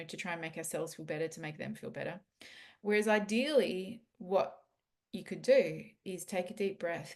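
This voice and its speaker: A middle-aged woman talks as a podcast guest on parenting. Her voice sits low and has a gravelly, creaky edge. She explains things earnestly, using everyday examples. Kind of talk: podcast interview answer.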